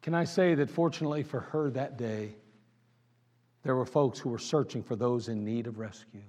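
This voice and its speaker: A man preaching a sermon in a church, asking the crowd question after question and swinging between loud pleading and hushed tones. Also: medium pitch, moderate pace, long reverb tail.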